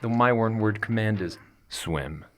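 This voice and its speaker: A man's voice: lowish voice, animated, moderate pace, a crowd in the background. A man playing a tabletop game, chatting casually and joking with laughs between lines. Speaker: player.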